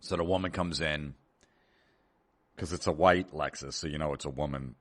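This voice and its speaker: Low-voiced sarcastic male comedian. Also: moderate pace, fairly bright tone. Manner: sarcastic, profane, exasperated. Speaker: comedian host. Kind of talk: comedic rant.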